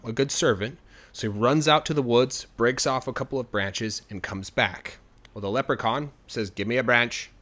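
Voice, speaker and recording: A man telling a folk tale in a relaxed, conversational way, adding asides like "you know". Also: mid-range voice. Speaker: storyteller. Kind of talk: casual spoken storytelling.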